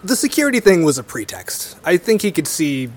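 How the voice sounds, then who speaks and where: A man's voice: on the high side, big pitch swings, fairly quick. A young man speaking in reflective conversation, thoughtful and a little hesitant. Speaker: storyteller guest.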